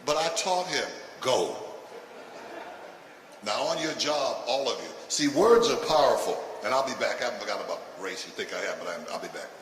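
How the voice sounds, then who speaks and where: An older man doing stand-up comedy with a provocative, punchy delivery that breaks into shouts. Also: medium pitch, lively intonation, fast, few pauses. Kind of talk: stand-up routine. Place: live comedy stage. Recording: echoey live venue from a distance with noise.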